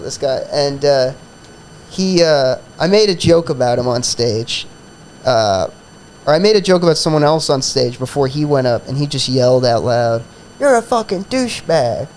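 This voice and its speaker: A man's voice: medium pitch, normal speed, slight background noise, poor audio. A man who hosts a comedy podcast, telling a profane, rambling story in a casual chat full of fillers.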